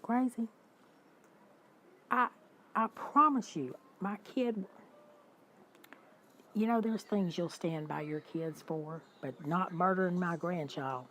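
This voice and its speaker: A woman, hosting a livestream and telling stories in an animated, indignant way while talking to her viewers. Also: fairly low pitch, slow, a little hiss or hum, poor audio. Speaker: livestream host. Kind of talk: casual storytelling to live chat.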